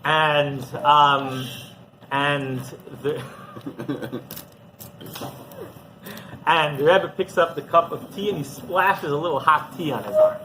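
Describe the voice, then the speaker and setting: A rabbi telling a story in a conversational sermon, halting and repeating himself as he goes. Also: a little high, steady tone, sharp tone. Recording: noisy background.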